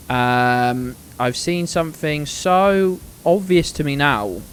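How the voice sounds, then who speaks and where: A man's voice: a little high, expressive, slow pace, few pauses, slight background noise. Chatty man streaming a game. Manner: chatty, playful, swears freely. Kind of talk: casual live-stream chat.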